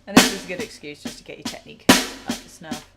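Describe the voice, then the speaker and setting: A woman teaching a live drum lesson, chatty and self-deprecating, counting beats out loud. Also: sits low, fairly even intonation, quick pace, creaky, loud music behind the voice. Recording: drum kit playing loudly behind.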